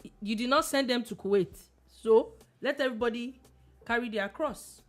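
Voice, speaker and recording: A Nigerian woman co-hosting a radio talk show, discussing the news in a blunt, lively way with local phrases. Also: on the high side, moderate pace.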